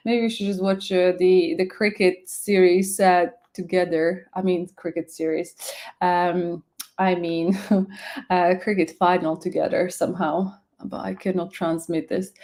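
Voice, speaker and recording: A woman's voice: fairly low pitch, darkish tone. A woman with a Slovak accent hosting a casual live stream, rambling and chatty as she greets viewers by name.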